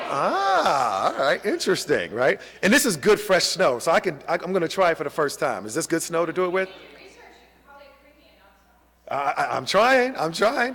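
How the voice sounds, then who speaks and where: A man's voice: a little high, breathy edge. A middle-aged man from New York City, a college professor leading an interactive training lecture and checking in with the audience often. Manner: energetic, audience-engaging, frequent "okay?" and "right?" check-ins. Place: large hall with a live audience. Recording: long hall reverb.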